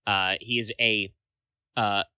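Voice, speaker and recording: A podcast co-host rambles through a casual chat, full of filler words and casual swearing. His voice is on the low side, level, slow, bright, and forceful, recorded cleanly with no echo.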